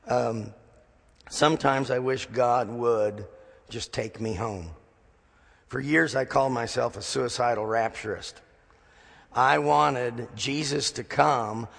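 A man's voice: medium pitch, vocal fry, husky, long reverb tail. A man preaching a sermon as a pastor, telling stories with dry humor and acting out the dialogue.

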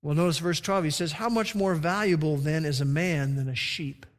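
A male pastor with a slightly high voice preaches a sermon, alternating between loud, emphatic stretches and hushed, slow emphasis. The recording carries the long reverb of a large hall.

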